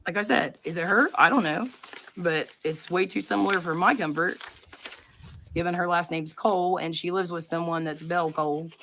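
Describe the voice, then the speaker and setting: A woman's voice: fairly low pitch, normal speed, fairly bright tone, a little hiss or hum. A woman hosting a live stream, talking to her chat in a rambling, conspiratorial way and often interrupting herself. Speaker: livestream host.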